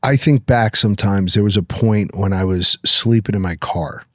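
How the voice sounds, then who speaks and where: A man's voice: moderate pace, no echo, clean studio sound. A man hosting a podcast, reflective and casual, swearing freely as he talks with his guest. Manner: reflective, sinks low and quiet, swears casually. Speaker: podcast host. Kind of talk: casual interview chat.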